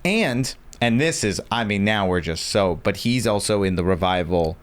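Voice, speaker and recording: A man's voice: lowish voice, lively intonation, normal speed. A man from Virginia, a podcast guest in casual chat, telling self-deprecating stories with mock boasting. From Virginia, United States.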